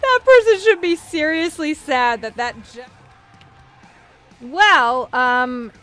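A young woman commenting on her own gameplay, giggling, squealing and reacting excitedly. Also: high-pitched, slow. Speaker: gameplay video host.

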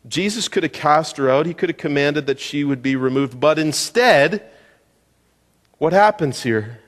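A male pastor preaching a sermon in a conversational way, asking the congregation questions as he goes. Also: a little high. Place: church sanctuary. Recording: church hall reverb.

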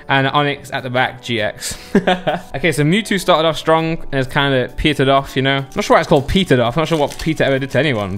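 A card collector opens packs while chatting casually with his viewers, cracking jokes and rattling off card names quickly. His voice is mid-range with a fairly bright tone, and the whole thing is relaxed unboxing commentary.

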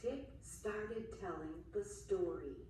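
A woman reading a children's story aloud in a slow, expressive way. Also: mid-range voice, far from the mic, a little hiss or hum. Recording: echoey room, a little off mic.

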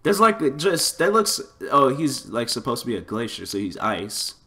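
A man giving loose, excitable commentary over his fighting-game play, full of exclamations and filler words. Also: medium pitch, normal speed. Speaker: gameplay commentator. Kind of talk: casual gameplay commentary.

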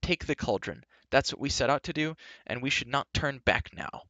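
A man's voice: medium pitch, lively intonation, normal speed, sharp tone, no room sound, voice pushed up. A man doing an eager young hero.

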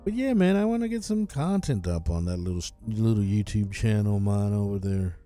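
A man chatting casually on a gaming live stream, excitable, swearing and calling everyone "dude". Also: on the low side, a little fast, soft background music.

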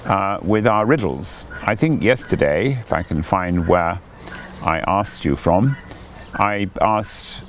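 An older man, a priest leading morning prayer outdoors in a garden, talking gently and chattily with a few fillers. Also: low-pitched, slow pace, long pauses, a little hiss or hum. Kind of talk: gentle devotional talk. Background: faint birdsong.

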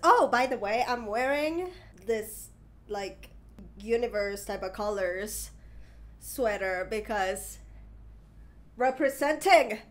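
Stuffy nasal woman rambling thru a reaction vid, swears a lot, gushes, some faint music behind, mid pitch. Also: slow pace. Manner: chatty, rambling with fillers and swearing, gushing excitedly while reacting. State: congested and recovering from illness, coughing. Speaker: reaction video host. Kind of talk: casual chat.

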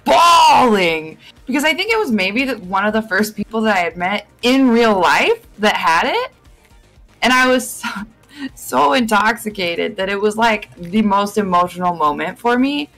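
A woman's voice: medium pitch, lively intonation, moderate pace, a bit bright, soft background music, poor audio. Rambling young woman on a live stream. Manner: chatty, rambling with many fillers and restarts. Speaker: guest. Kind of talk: casual chat on a live stream podcast.

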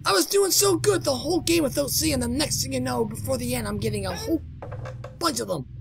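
A man doing jokey, excitable let's play commentary, exclaiming and talking to himself while playing a horror game. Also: very high voice, a little fast, vocal fry. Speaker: gamer doing a playthrough. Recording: game music playing behind. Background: game music.

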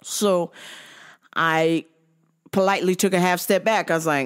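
A woman's voice: lowish voice, takes it slowly. A woman hosting her own show, telling a work story in a blunt, sarcastic way with lots of swearing and laughter mixed in. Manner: profane, frequently laughing while talking. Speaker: podcast host. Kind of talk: casual comedic storytelling.

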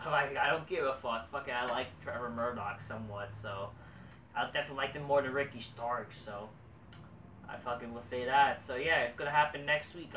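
A young man giving a rambling, profane, excitable casual review of a wrestling show. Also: mid-range voice, far from the mic. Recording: echoey room, off-mic, faint noise.

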